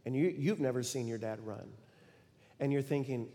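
A middle-aged man preaching a sermon, telling a story in an animated way and acting out the quoted lines with sudden loud bursts. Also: medium pitch, a little slow, pauses often, a little hiss or hum. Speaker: pastor. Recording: long reverb of a large hall.

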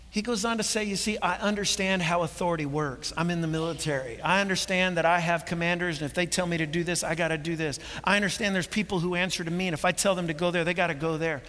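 A pastor preaching a sermon, earnest and full of rhetorical questions. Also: male voice, high voice, steady tone, fast talker, sharp tone. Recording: long hall reverb.

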